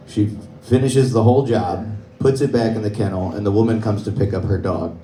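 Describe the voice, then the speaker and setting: A man's voice: on the low side, fairly even intonation, normal speed, background noise. Young man, stand-up comic, storytelling, laughs at own jokes, faint club ambience. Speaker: stand-up comedian. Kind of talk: stand-up comedy set. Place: comedy club stage. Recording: roomy club sound, mic from a distance.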